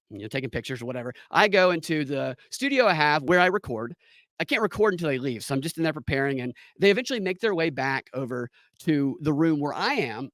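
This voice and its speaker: A man's voice: fairly high pitch, fairly bright tone, no room sound. A man hosting his own podcast, telling a comic story in a sarcastic, mocking manner from his home studio. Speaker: podcast host. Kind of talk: comedic storytelling monologue.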